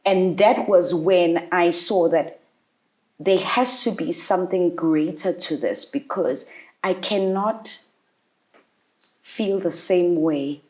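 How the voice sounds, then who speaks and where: A woman with a low voice speaks as an interview guest. She tells a painful personal story haltingly, circling back and restarting her sentences as the emotion comes through. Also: a little mellow.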